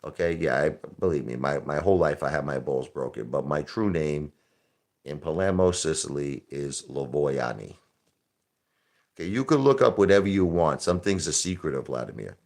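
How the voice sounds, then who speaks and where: A man hosting a casual live stream, talking in a brash, combative rant. His voice sits very low. He hammers his points by repeating them. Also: lively intonation, normal speed, darkish tone.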